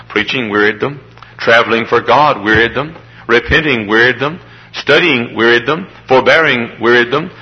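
A man preaching a sermon to a congregation, building from plain talk up to high, emotional cries. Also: poor audio. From Midwestern United States. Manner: emotional, rises to high pitched shouts. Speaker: traveling preacher.

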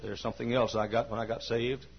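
A man preaching a sermon to a large church. He tells stories quietly and then breaks into high shouting. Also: flat delivery, fast talker, breathy edge. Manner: swings from hushed storytelling to high shouting. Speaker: pastor. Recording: dull lo-fi sermon recording.

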